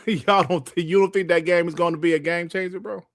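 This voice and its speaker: A man's voice: sits high, fairly even intonation, normal speed, no room sound, clean studio sound. A man hosting a gaming podcast livestream in a casual, profane, laid-back way, grumbling at technical trouble. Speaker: podcast host.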